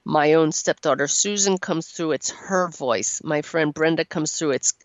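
A woman's voice: deep voice, measured pace, no room sound, lo-fi sound. Encouraging woman hosting a call-in show. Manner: warm-voiced, encouraging, laughs often. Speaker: radio show host and channeler. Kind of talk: call-in radio talk. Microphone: studio microphone.

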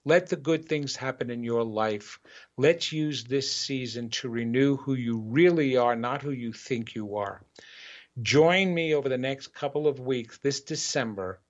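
An earnest man delivers a motivational spiritual talk as a show host, circling back to key phrases for emphasis. His mid-pitched voice comes through a dull, lo-fi recording. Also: a little slow. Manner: earnest, repetitive, building emphasis.

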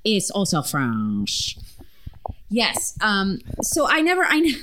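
A woman's voice: on the low side, fairly bright tone. A woman hosting a podcast in casual chat, talkative and swearing freely with lots of fillers. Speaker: podcast host.

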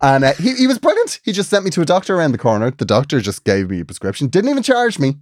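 Ranting Irish man, lively pitch. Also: fast talker, no echo, studio quality. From Ireland. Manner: animated ranting storyteller. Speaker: podcast co-host. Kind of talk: casual chat.

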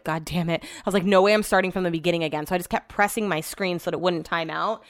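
Young gal rambling on her podcast, mid-pitched, dead dry sound, says like a lot and swears. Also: dry recording. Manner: chatty storyteller, lots of fillers and swearing. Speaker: podcast host. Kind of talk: casual chat.

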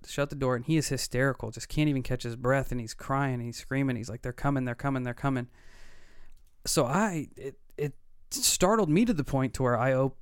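Male podcast co-host, 30s, mid pitch, smooth voice, dry sound, earnest storyteller. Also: dry recording. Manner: earnest, vivid retelling with quoted dialogue. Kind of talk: casual storytelling.

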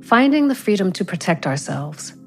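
A woman's voice: medium pitch, sing-song, moderate pace, faint music behind. A woman hosting a podcast, reading a scripted opening and then asking a guest a long, reflective question. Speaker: podcast host.

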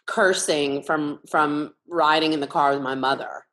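A woman with a lowish voice speaks frankly and swears freely as she tells stories in a relaxed podcast conversation. She is animated and candid. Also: measured pace, rough recording. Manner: frank, profane, animated storyteller. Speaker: guest artist. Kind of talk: casual podcast chat, storytelling.

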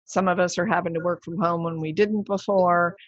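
A woman hosting an interview, chatting in an enthusiastic, lively way. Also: on the low side, fairly quick, no echo. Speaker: podcast host. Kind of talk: conversational interview. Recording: dry, dull lo-fi sound.

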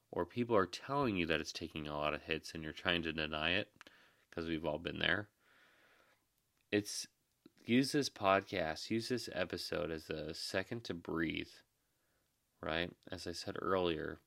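A man's voice: deep voice, vocal fry, fairly bright tone, no echo, studio quality. A tired young man, a new dad and emergency manager, hosting a podcast in an earnest, reassuring, rambling way. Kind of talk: casual podcast monologue.

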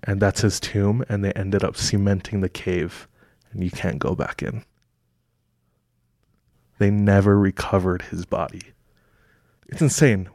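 Low-pitched guy podcast host, chatty and rambling, dry close mic. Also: a little mellow, no echo. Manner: storytelling, lots of "like" fillers, jokey. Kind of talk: casual chat.

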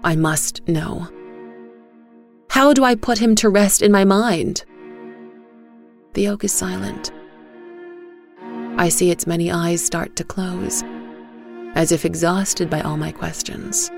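Slow, gravelly-voiced woman storyteller. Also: fairly low pitch, music in the background. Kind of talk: first-person story narration.

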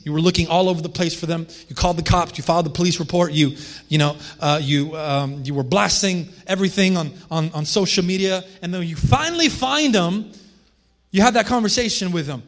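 High-voiced man preaching conversationally. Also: brisk. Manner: conversational preaching with frequent restarts and asides. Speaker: pastor. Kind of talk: sermon.

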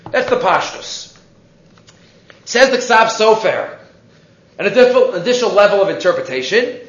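A man's voice: sits high, expressive, normal speed, fairly bright tone. A man teaching a Torah class, quoting Hebrew texts, translating them, and often restarting his sentences. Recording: echoey, dull lo-fi room recording.

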